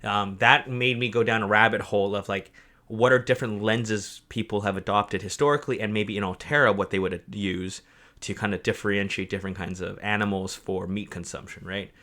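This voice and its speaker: Bright-voiced man rambling through self-corrections. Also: on the low side, fairly even intonation, fairly quick. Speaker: project co-creator presenting a map. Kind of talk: livestream chat explaining a map.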